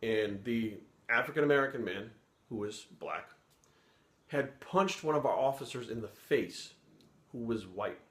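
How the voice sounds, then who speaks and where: A man's voice: medium pitch, unhurried, fairly bright tone. A middle-aged man from Rhode Island tells a story from his police days, his voice sitting in a mid range. He talks bluntly and casually, with swearing in nearly every sentence. The recording has a noticeable roomy echo. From Providence, Rhode Island. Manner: blunt, heavily profane, conversational. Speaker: former police sergeant telling a story.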